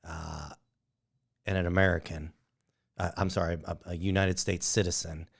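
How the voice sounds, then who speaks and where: A man co-hosting a podcast, earnestly urging listeners in a casual, halting way with many fillers. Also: sits low, flat delivery, slightly rough. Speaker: podcast co-host. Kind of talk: casual chat.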